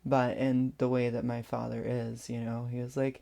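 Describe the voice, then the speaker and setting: A vlogger telling a personal story in a hesitant way, with many pauses and restarts. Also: mid-range voice, little pitch movement, gravelly, dark tone.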